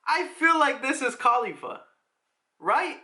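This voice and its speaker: A high-voiced, very bright man chatting casually through his reaction to a manga chapter. He is animated and laughs often, and he swears offhandedly. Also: a little slow.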